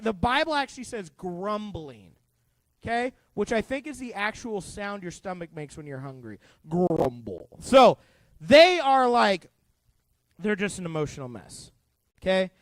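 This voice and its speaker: A man's voice: high-pitched, unhurried, no echo. A man teaching a youth group Bible lesson as youth pastor, joking and quizzing the kids as he goes. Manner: animated, full of asides.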